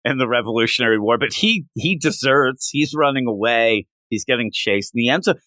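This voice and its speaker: A man co-hosting a podcast, chatting casually in an animated, rambling, joking way. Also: medium pitch, fairly quick, no room sound. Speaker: podcast co-host. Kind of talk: casual chat.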